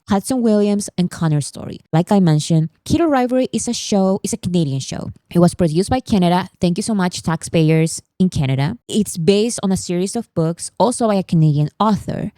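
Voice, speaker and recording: A young woman hosts a casual pop-culture vlog, chatty and emphatic as she runs through the week's buzz. Her voice is low and mellow. It sits dry and close, without a pop filter. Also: lively intonation, brisk, few pauses, dry recording. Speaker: vlog host.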